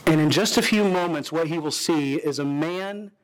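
A man preaching a sermon as pastor, telling a story dramatically with sudden rises and drops in his voice. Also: normal speed. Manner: dramatic storytelling preacher, voicing characters with pitch swings.

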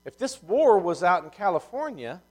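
Fast-talking missionary man in his fifties. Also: high voice, low-quality recording. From Ohio, USA. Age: 50s. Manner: fast-talking, animated storyteller, folksy. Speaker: visiting missionary speaker. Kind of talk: church sermon with storytelling.

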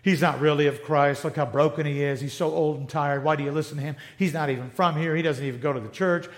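Petty complaining churchgoer, as a preacher puts him on. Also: male voice, a little high, fairly even intonation, fast, pitched below the performer's own voice, natural voice. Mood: whiny. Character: whiny gossiping church members, adults.

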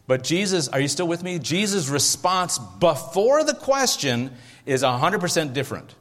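A man's voice: a little high, big pitch swings, normal speed, fairly bright tone. A man preaching a sermon as pastor, in a conversational way, often checking that his listeners are following. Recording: long hall reverb.

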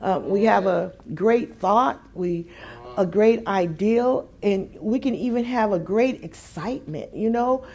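Slow-speaking woman preacher. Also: medium pitch. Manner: builds from quiet musing to emphatic, rising preaching; repeats phrases for emphasis. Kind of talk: sermon.

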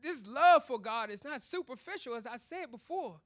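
A man's voice: very high-pitched, animated, moderate pace, fairly bright tone. A man preaching a sermon, telling a personal testimony in a chatty way full of "you know" and "you see", then building into emphatic preaching. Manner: testimony told conversationally, rising into emphatic preaching.

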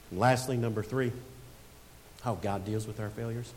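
A man's voice: mid-range voice, moderate pace, a little mellow. Preaching man in a reverberant church. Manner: storytelling, builds to emphatic preaching. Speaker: pastor. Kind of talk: sermon. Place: church sanctuary. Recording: long hall reverb with faint hiss.

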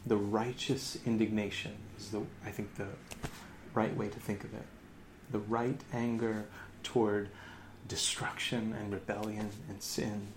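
A man in his thirties, a pastor giving a lively sermon, laughing often and dropping into sarcasm. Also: lowish voice, slight background noise.

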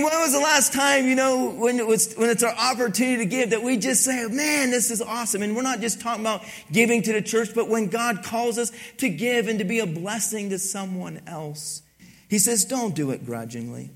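A man's voice: high voice, a bit bright. A man preaching a sermon as pastor, talking conversationally and teasing his congregation, repeating key lines.

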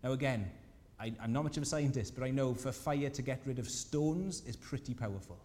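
Preacher in a reverberant church hall. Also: male voice, mid-range voice, fairly quick. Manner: lively storytelling, mocking voices for scripture scenes. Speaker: pastor. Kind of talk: sermon.

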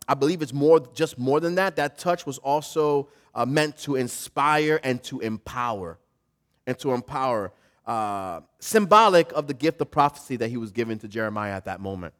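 An older man who is also a grandfather preaches a sermon as a pastor, his mid-range voice lively and conversational. He moves between soft, reflective passages and loud, emphatic ones, and at times he grows emotional and choked up.

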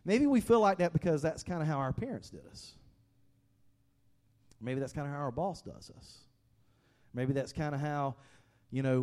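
A man preaching a sermon in an animated way, sometimes shouting and sometimes going soft, acting out the quotes he tells. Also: on the high side. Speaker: pastor.

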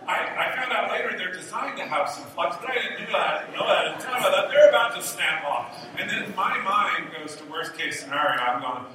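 A male pastor giving a sermon, an animated storyteller who swings between hushed and loud delivery. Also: sits high, fairly quick, few pauses, a crowd in the background. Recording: echoey hall, mic from far off.

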